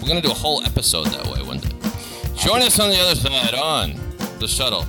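Animated Boston man joking on a podcast. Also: mid-range voice, fast, over loud music. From Boston area. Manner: jokey, animated banter. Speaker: podcast co-host. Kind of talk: casual chat.

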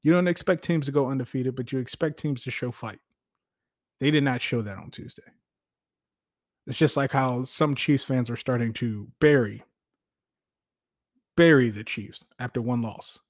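A man hosting a casual sports talk show, animated, laughing often and restarting his sentences. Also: medium pitch, moderate pace, long pauses. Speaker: podcast host.

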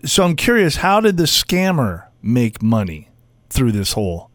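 A man's voice: mid-range voice, sing-song, measured pace, dry recording. A man hosting a radio show, bantering casually and laughing often. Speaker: radio morning show host. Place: radio studio.

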